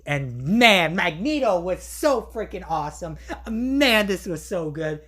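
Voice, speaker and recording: Woman reviewer, excited recap, strained voice, lowish pitch, lots of fillers. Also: unhurried. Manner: excitable, many fillers and slang. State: voice strained from yelling. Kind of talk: excited casual episode recap.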